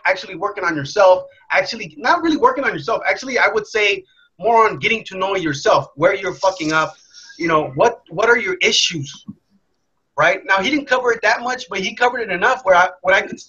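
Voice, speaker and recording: A young man telling a candid personal story in a blunt, profane, animated way. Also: high voice, husky. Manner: profane, blunt, animated, acts out his past self. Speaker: motivational speaker. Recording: dull lo-fi sound.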